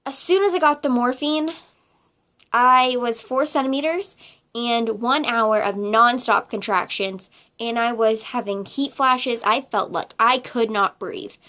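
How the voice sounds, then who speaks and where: A young woman vlogger telling a story in casual chat, sassy and chatty, acting out quotes with big jumps in pitch. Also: fairly bright tone.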